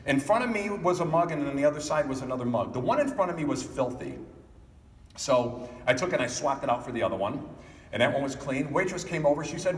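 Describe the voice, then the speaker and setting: A man with a fairly high-pitched voice talks fast as he delivers a motivational keynote at a conference, telling lively stories and speaking straight to the audience. The recording is echoey, captured from a distance in the conference hall.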